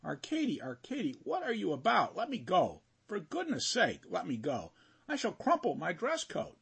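A man's voice: high voice, wildly swooping pitch, normal speed, vocal fry, a bit bright, slightly rough, pitched above the performer's own voice, full character voice. A man reading an audiobook, voicing a nervous young man who is newly engaged and keeps pleading with his friend. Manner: pleading, flustered.

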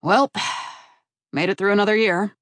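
A gruff, stocky older woman, an assistant at a summer camp, sounds weary and matter-of-fact, as a woman narrator puts her on. The lines come out in a dry, close recording with no room around them. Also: mid-range voice, measured pace, no room sound, natural voice.

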